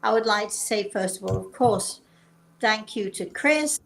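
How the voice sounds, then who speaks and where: Older woman, chatty, hoarse medium host. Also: mid-range voice, a little slow, low-quality recording. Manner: chatty, encouraging and self-deprecating. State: hoarse, voice recovering. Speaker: psychic medium and show host. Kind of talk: live online call-in talk.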